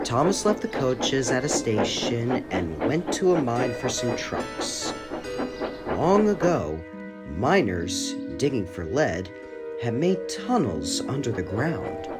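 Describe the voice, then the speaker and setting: A man reading a children's train story aloud as narrator, expressive and unhurried. His voice rises and falls over a very wide range as he tells it, with music behind. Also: medium pitch.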